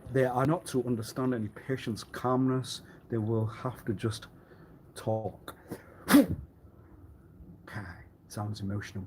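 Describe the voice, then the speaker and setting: A man rambling alone on a livestream in a meandering way, repeating himself and often clearing his throat. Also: mid-range voice, darkish tone, a little hiss or hum. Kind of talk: rambling solo livestream monologue.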